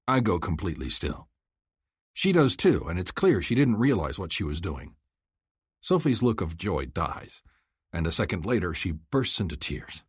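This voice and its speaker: Brief: husky, animated male narrator for a romance audiobook. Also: low-pitched, normal speed, no echo, clean studio sound.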